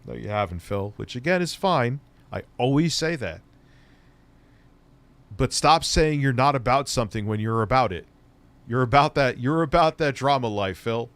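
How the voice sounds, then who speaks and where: A man's voice: medium pitch, animated, moderate pace, a bit bright, clear, resonant tone, no room sound. A man streaming from home, chatting casually, blunt and sarcastic with lots of swearing, and a bit stoned. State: stoned, voice lower than usual. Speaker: streamer and tech commentator. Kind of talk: casual profane live-stream chat.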